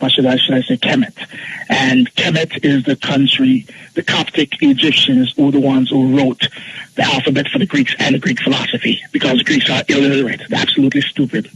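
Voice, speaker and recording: A man calling in to a radio show, confidently lecturing and pausing on many ums. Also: mid-range voice, fairly bright tone, a little hiss or hum. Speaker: caller. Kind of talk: call-in lecture. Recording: dull lo-fi phone line.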